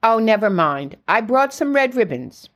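A woman voices a fussing, anxious mother in a memoir reading, gentle but insistent. The lines stay close to her own reading voice. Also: on the high side, big pitch swings, moderate pace, voice pushed up.

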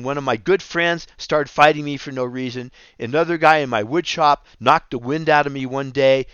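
Earnest man giving a smooth testimony. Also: medium pitch, a bit bright, no room sound. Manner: earnest, halting storytelling with emphatic repeats. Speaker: Christian speaker. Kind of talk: personal testimony sermon. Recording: dull dry lo-fi audio.

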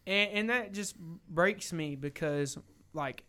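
A young man with a slightly high, bright, forceful voice, speaking earnestly about his faith. He talks in a casual, heartfelt way, often restarting his sentences. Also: takes it slowly. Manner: earnest, emotional, many restarts. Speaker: lay preacher.

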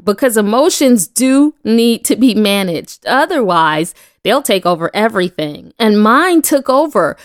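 A woman's voice: mid-range voice, clean tone, no room sound, clean studio sound. A woman giving an earnest devotional talk, asking her listeners questions as she teaches. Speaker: devotional speaker.

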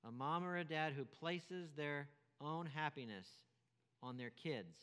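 A man's voice: a little high, a little slow, fairly bright tone, smooth, big-room sound. A man preaching a sermon as pastor, emphatic, repeating key phrases and asking rhetorical questions.

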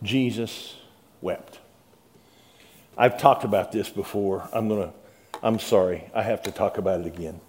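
A male pastor preaching in a conversational way, repeating words and swinging between soft, quiet passages and louder, emphatic ones. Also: on the low side, measured pace, pauses often. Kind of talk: sermon.

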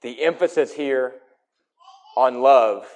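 A man preaching a sermon in an emphatic way, his voice swinging between loud and soft. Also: mid-range voice, takes it slowly.

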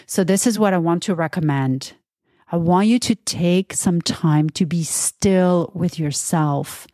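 A woman's voice: lowish voice, unhurried, warm tone, no room sound, studio quality. A woman hosting a spiritual self-help talk, earnest and soothing as she guides the listener. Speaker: podcast host.

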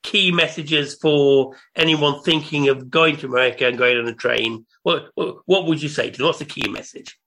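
A man's voice: a little high, normal speed, few pauses, sharp tone. A man hosting a casual interview, chatty and asking leading questions. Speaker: interview host.

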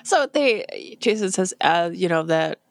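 A woman with a fairly low, creaky voice co-hosts a horror podcast, recorded in clean studio sound with no echo. Animated and swearing freely, she recaps the plot in casual chat and acts out characters' lines in quick impressions.

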